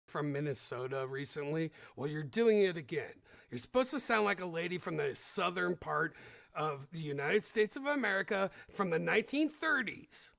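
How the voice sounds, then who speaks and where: A middle-aged man hosting a casual comedy podcast, rambling and crude in an animated way. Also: on the high side, moderate pace, gravelly, no echo, studio quality. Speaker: podcast host.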